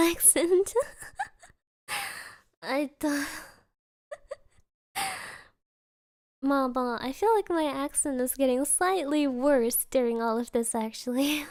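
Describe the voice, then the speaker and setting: Young woman streamer, high voice, slow giggly chatter with Japanese filler words. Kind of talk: casual chat stream.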